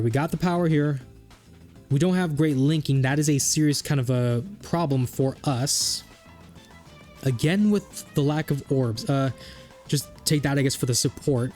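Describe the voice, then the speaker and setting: A man's voice: mid-range voice, a little mellow. Exasperated man rambling over gameplay. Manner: rambling and exasperated, thinking aloud. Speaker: gaming YouTuber. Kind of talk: casual gameplay commentary.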